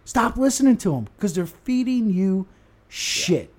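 A man's voice: sits high, sing-song, unhurried, a little mellow. A man in casual chat, talking bluntly and emphatically with plenty of swearing.

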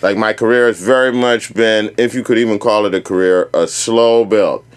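A male host and fellow artist asking questions in a halting way, often stopping to search for words. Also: lowish voice, steady tone, smooth. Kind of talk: casual interview chat.

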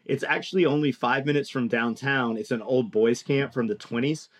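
A man telling a long story in casual chat, animated and profane, acting out the people he quotes. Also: mid-range voice, normal speed. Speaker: podcast co-host telling a story.

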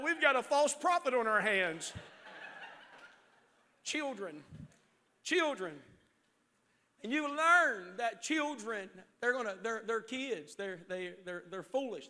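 High, bright-voiced preaching pastor. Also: male voice, lively intonation, a little slow, pauses often. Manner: preaching with rising shouts and storytelling. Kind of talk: sermon. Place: church sanctuary.

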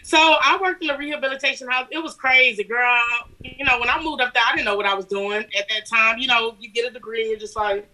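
A young woman with a Southern US accent, from Alabama, telling stories as a lively, laughing interview guest. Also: on the high side, fast, rough recording. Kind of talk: casual interview chat.

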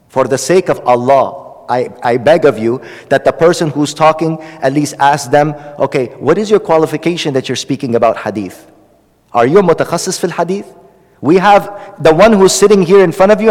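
A man's voice: medium pitch, darkish tone, in a large hall. A man teaching hadith, delivering an impassioned sermon with pleading, repetitive emphasis. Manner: passionate, pleading, rising and falling emphasis, repeats phrases.

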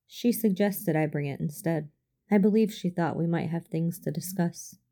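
A woman reading the part of a warm, courteous male hologram doctor in an audio story, in a gentle, friendly tone. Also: lowish voice, normal speed.

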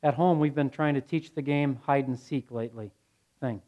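A man's voice: mid-range voice, normal speed, warm tone. A male pastor preaching a sermon, blunt and earnest, telling stories in a conversational way. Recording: dull lo-fi sound.

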